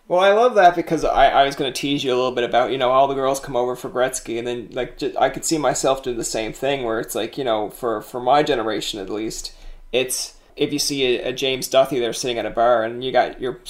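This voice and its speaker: Fast rambling podcast host man. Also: medium pitch. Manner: quick, rambling, teasing. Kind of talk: casual interview chat.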